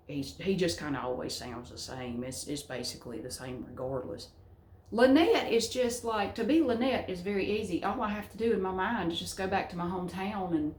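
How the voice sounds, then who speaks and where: A middle-aged woman vlogger with a Southern US accent talks frankly to the camera at home, rambling from one story to the next and cursing freely. Her voice is mid-range, and the recording has a roomy echo with slight background noise.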